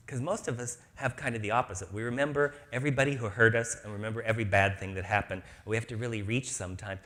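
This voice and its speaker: A man's voice: fairly low pitch, fairly even intonation, fast, hardly any pauses, fairly bright tone. A man giving an inspirational spiritual talk to a live audience, joking and acting out small voices. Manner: playful, jokey, acts out little voices. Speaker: spiritual speaker.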